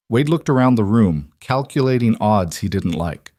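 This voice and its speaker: A male narrator reading a dramatic scripted story in a measured way. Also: fairly low pitch, animated, a little mellow, no room sound, studio quality.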